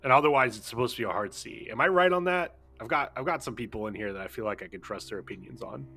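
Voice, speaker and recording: A man's voice: mid-range voice, quick pace, creaky, pushed and bright, slightly rough. A man streaming a video game, making irreverent jokes and swearing freely in casual commentary. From United States.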